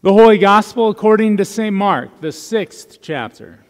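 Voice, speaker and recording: A man leading a worship service, praying and reading scripture aloud in a measured, formal cadence. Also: high-pitched, animated. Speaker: worship leader. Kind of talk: liturgical prayer and scripture reading. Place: church sanctuary. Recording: long church reverb.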